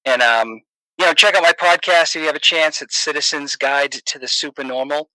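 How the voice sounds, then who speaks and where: A man's voice: fairly high pitch, a little fast, pushed and bright, no echo, poor audio. A man chatting earnestly as a podcast guest, rambling a bit with restarts. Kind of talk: casual chat.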